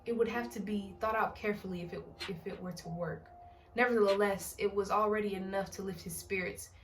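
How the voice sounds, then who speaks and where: A woman's voice: mid-range voice, steady tone, brisk, a little hiss or hum. A woman reading a novel aloud in a casual way, often breaking off to joke and comment on the story. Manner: reads aloud, breaks off to joke and laugh at the text. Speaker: book reader and channel host. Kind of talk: casual book reading with comedic asides. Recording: distant mic with background music.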